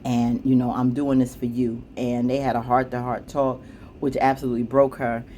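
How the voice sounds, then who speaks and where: Animated woman recapping a TV episode. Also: normal speed, a little hiss or hum. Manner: animated, acts out characters' lines with pitch jumps; chatty, frequent fillers and asides. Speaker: TV show recap vlogger.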